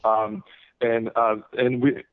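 A man's voice: medium pitch, flat delivery, slow pace, no room sound. Man rambling over tinny radio audio. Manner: rambling, many fillers and restarts. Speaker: author and guest. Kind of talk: casual interview talk.

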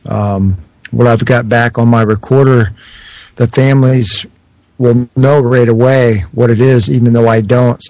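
A man hosting a radio chat, speaking in a halting way with fillers. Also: mid-range voice, darkish tone, no room sound, poor audio. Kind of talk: casual interview chat.

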